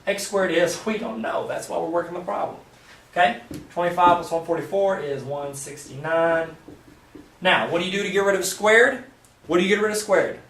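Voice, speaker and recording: A man gives a math lesson at a board, his fairly high voice jumping lively up and down. He explains each step plainly and keeps slipping in playful jokes to the viewer. The sound is roomy, picked up from some way off the mic. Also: far from the mic, slight background noise. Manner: playful, jokey asides to the viewer. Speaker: math teacher. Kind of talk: joking whiteboard math lesson. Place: room with a whiteboard.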